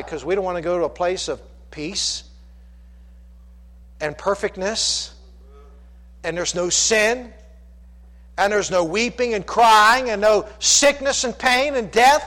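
A high-voiced male pastor preaches with mounting fervor, circling back to repeated refrains. His voice rings with a long reverb as if filling a church sanctuary. The tone is fervent and emphatic. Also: normal speed, fairly bright tone. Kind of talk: sermon.

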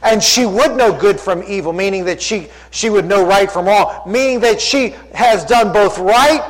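A man's voice: sits high, normal speed. A man preaching a sermon, emphatic and full of rhetorical questions, in a church sanctuary. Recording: long hall reverb.

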